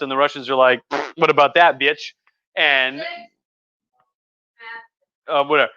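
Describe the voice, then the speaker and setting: Man, rambling tipsy history rant, bright tense voice, dry lo-fi sound. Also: on the high side, no room sound. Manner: profane, rambling, with acted mock voices. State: drinking wine. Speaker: history lecturer.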